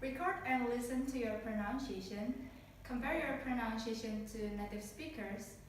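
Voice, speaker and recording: A woman student presenting a scripted phonetics lesson in a measured reading voice. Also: on the high side, recorded from a distance, slight background noise. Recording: echoey room, away from the mic.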